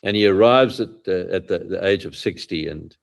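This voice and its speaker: A man's voice: deep voice, moderate pace, gravelly. Storytelling podcast host man. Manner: anecdotal storyteller, lively. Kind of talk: casual podcast interview.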